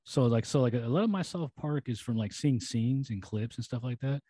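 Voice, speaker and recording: Fast, rambling man chatting casually. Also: mid-range voice, animated, warm tone, slightly rough, dry recording, clean studio sound. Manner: rambling, fast, full of fillers. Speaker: podcast co-host. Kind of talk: casual chat.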